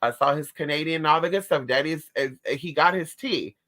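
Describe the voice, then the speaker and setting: A woman's voice: deep voice, fairly quick, a bit bright. A woman telling a personal story in a sassy, dramatic way, calling her listeners honey and girl. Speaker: spiritualist vlogger. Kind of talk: casual storytelling to camera.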